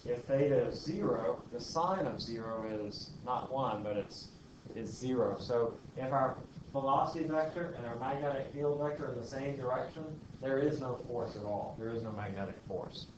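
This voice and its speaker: A man's voice: mid-range voice, moderate pace. Man lecturing a physics class. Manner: explains step by step, asks the class questions and tells asides. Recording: dull lo-fi classroom recording with faint hiss.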